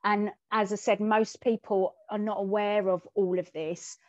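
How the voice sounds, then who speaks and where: A woman co-hosting a podcast, telling a candid personal story at a mid pitch. She talks animatedly and acts out the dialogue she remembers. The recording is dry and dull. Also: fairly even intonation, unhurried, darkish tone, no room sound. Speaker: podcast co-host.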